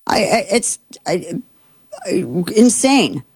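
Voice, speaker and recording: A woman's voice: on the high side, sing-song, slow, a little mellow, slightly rough, no room sound. Exasperated woman ranting with a dry voice. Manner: indignant, exasperated, many fillers and restarts. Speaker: political commentary host. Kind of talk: opinionated commentary.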